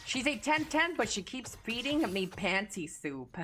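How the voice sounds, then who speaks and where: A woman livestreaming a game, talking crudely to her chat and yelling at her teammates. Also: fairly high pitch, very animated, measured pace, soft background music. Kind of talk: live gaming stream chat.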